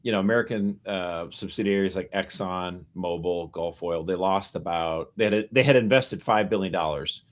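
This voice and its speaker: A man co-hosting a podcast, casually walking through news facts with animated asides. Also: deep voice, moderate pace, hardly any pauses. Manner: animated explainer, piling up figures and asides. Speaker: podcast co-host.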